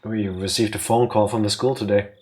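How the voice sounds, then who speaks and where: A man's voice: fairly low pitch, steady tone, fairly quick, a little mellow, close to an everyday voice. A man voicing a loyal, earnest grown man who serves a family, reading a visual novel aloud in a polite tone.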